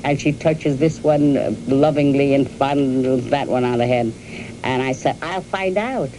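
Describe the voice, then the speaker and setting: An older woman from New York telling the story of her youth and marriage to her husband, in a halting storytelling way with repeated words and fillers. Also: a bass voice, little pitch movement, a little hiss or hum, poor audio. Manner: addresses her husband directly. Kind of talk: reminiscing in an archival interview.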